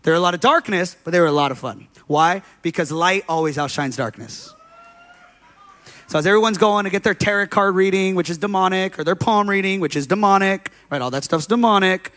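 Man preaching in a slightly high voice. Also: fairly quick, fairly bright tone. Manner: conversational preaching, storytelling with many fillers. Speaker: pastor. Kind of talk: sermon.

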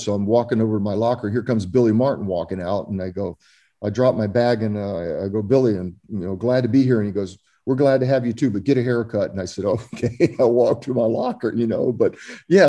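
A man's voice: fairly low pitch, dark tone. An older man from Florida, a former ballplayer telling stories in an interview, rambling with many fillers and restarts. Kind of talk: storytelling interview.

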